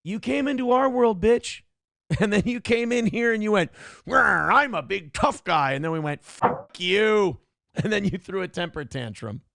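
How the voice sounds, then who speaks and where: A man's voice: high voice, animated, moderate pace, gravelly, no room sound, clean studio sound. A man in his thirties hosting a live stream from home, reading chat aloud and mocking a commenter in profane banter.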